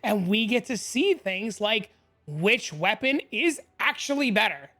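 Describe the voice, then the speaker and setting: A hoarse man hosting a gaming channel, talking excitedly and rambling step by step through a screen-recorded game tutorial into a desk microphone. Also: sits high, measured pace. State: hoarse, losing his voice.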